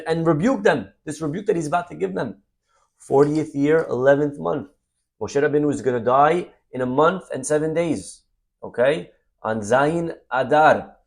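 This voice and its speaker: A man giving a Torah sermon as a story, swinging between loud emphasis and soft asides. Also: on the high side. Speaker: rabbi teaching Torah.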